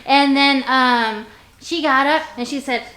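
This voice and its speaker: A woman's voice: high-pitched, a little slow, bright, forceful tone, a little hiss or hum. A woman speaking as a guest on a casual podcast, candid and blunt in her talk. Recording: echoey room.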